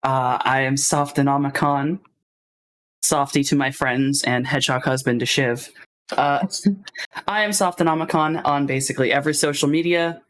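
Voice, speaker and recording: A man's voice: medium pitch, steady tone, moderate pace, a bit bright. Bashful young-sounding man. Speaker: player, streamer and artist.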